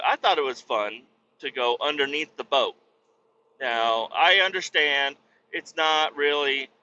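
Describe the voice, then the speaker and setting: A man's voice: mid-range voice, pushed and bright. A man hosting a podcast, telling a story in a casual, profane, ranting way. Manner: profane, ranting, acts out others' voices. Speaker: podcast host. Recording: slightly muffled with faint hiss.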